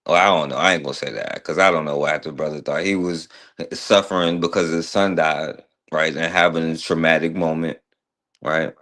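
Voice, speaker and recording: A man with a very low, deep voice hosts a casual talk radio show. He speaks loosely and conversationally, reacting and pulling his co-host into the discussion. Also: fairly even intonation, moderate pace, a bit bright. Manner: loose, conversational, asks co-host's view.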